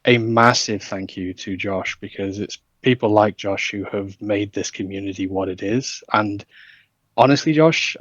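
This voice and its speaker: A man's voice: fairly low pitch, no room sound. A man guesting on a podcast, nervous and earnest, speaking over a cheap home microphone. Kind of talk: casual interview chat. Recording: dull lo-fi home mic.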